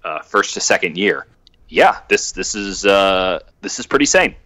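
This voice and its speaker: Man, low-pitched, animated sports podcast guest who laughs a lot, dry close sound. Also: no echo. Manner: laughs often, halting restarts, animated. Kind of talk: casual sports podcast chat.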